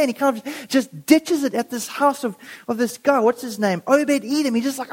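An animated preacher works through a scripture story, acting out the voices of the people in it. The delivery is expressive and conversational, like a sermon told as a story. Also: high-pitched, normal speed.

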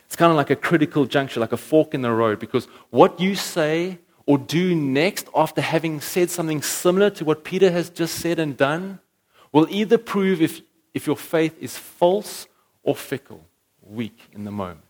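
A man's voice: a little high, lively intonation, normal speed, darkish tone. A male preacher giving an earnest sermon that builds to emphatic peaks.

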